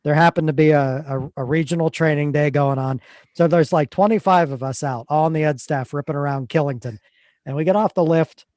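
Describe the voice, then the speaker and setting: Guy co-hosting a podcast, a bit high voice, tells stories fast and stumbly, dry sound. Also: dry recording. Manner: animated storyteller, stumbles and repeats words. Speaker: podcast co-host. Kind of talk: casual chat.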